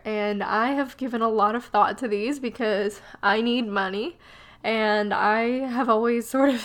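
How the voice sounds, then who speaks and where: A woman's voice: on the high side, fairly bright tone. A young woman hosting a podcast, chatting casually and joking at her own expense, her voice nasal and stuffed up from a cold. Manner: chatty and self-deprecating, laughs often. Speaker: podcast host. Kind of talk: casual solo podcast chat.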